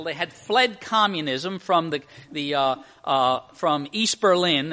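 A middle-aged man preaching a sermon, telling a story with lively, rising emphasis. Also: high voice.

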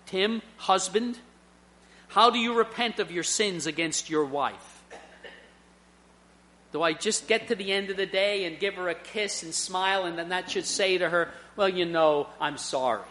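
High, bright-voiced preacher man. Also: moderate pace. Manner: earnest, personal storytelling with emphatic swells. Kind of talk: sermon.

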